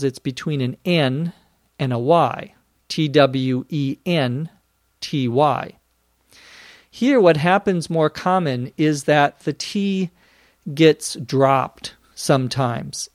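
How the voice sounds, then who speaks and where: A man hosts an English lesson podcast, answering listener questions one at a time. He speaks very slowly and deliberately, spelling words out letter by letter, with a voice a touch higher than most men's. The sound is dry and close to the mic. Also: no echo. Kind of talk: slow, careful podcast lesson.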